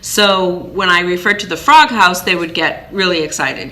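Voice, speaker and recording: A woman from Maine telling a personal story as a vlogger, in an animated, chatty way with fillers and restarts. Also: lowish voice, normal speed. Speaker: vlogger, single parent.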